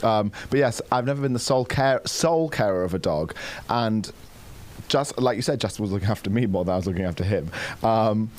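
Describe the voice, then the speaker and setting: A man's voice: lowish voice, brisk, a little mellow. A man co-hosting a podcast in casual chat, bantering cheekily and mocking himself. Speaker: podcast co-host.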